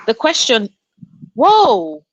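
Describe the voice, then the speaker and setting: Her voice is fairly high and very animated, with drawn-out words, as this young Nigerian woman runs a relaxed book livestream. She reads viewer comments aloud, gushes, and laughs frequently, with no echo and the highs cut off.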